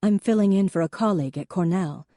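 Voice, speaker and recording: A woman's voice: mid-range voice, fast, mellow, no room sound, clean studio sound, voice pushed up, lightly acted. A woman voicing a poised, formal elder sister with a refined, precise manner.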